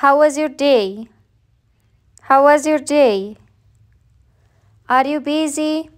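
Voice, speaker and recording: A woman with a high voice reads short everyday phrases for beginners. She speaks very slowly and carefully, often saying each phrase twice so learners can repeat it. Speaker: English teacher. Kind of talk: slow read-aloud phrase drill.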